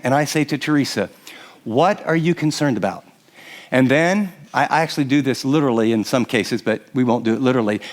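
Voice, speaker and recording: Teaching a sermon before a live audience, this older man speaks in a fairly high voice with animated, conversational energy. He acts out spouses addressing each other in brief impressions and frequently restarts his phrases after stumbling.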